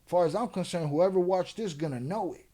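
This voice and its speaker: Male host, heated reaction commentary, mocking and profane, higher pitch. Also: brisk, warm tone. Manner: profane, mocking, talks back at the clip. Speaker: podcast host reacting to clips.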